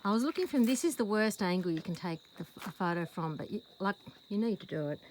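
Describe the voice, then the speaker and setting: An Australian woman vlogging outdoors with a handheld phone camera, chatting rambly and calling her horse in a high sing-song voice. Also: animated, quick pace, a little mellow, a little hiss or hum, low-quality recording. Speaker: horse owner filming her rescue horse. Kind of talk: casual vlog to camera. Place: outdoors in a paddock.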